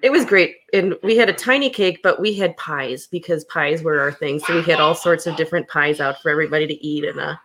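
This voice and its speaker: A woman with a lowish voice hosts a relaxed podcast chat. She tells stories in an animated way, often breaking into laughter. She sounds like a young adult. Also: brisk, hardly any pauses. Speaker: podcast host. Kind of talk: casual storytelling chat.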